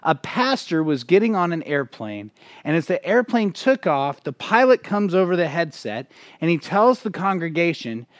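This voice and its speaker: A pastor preaching a sermon, praying and telling a story with emphatic delivery and frequent restarts. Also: male voice, on the high side, very animated, normal speed, dry recording, studio quality.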